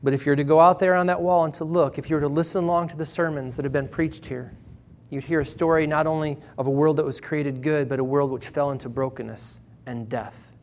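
A man preaching a sermon in church, earnest and measured, slowing down and pausing for emphasis. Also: a little high, steady tone, slight background noise. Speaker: pastor.

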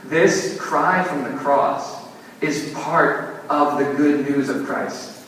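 Young man, pastor, sermon, animated storyteller, long hall reverb, faint background hum. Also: fairly high pitch, distant mic. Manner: animated, self-mocking storyteller. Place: church sanctuary. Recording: echoey church hall, mic from afar.

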